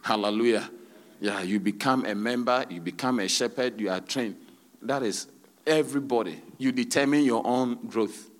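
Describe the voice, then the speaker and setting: Preaching pastor calling out hallelujahs. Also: male voice, medium pitch, moderate pace. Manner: preaching with frequent hallelujahs and rhetorical questions. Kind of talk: sermon.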